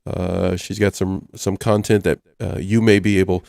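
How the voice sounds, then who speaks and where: A man's voice: deep voice, little pitch movement, moderate pace, vocal fry, darkish tone, no room sound, studio quality. A man hosting a casual radio talk show, reading items aloud in a chatty way. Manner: chatty, reads list items aloud, chuckles often. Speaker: host.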